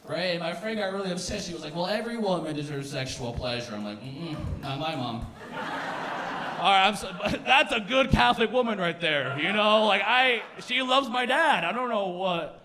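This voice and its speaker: A man's voice: high voice, expressive, moderate pace, sharp tone, roomy sound, far from the mic. A young man doing a stand-up comedy set, rambling and stumbling over his words, acting out his own and other people's lines. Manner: rambling, self-interrupting, acts out quotes.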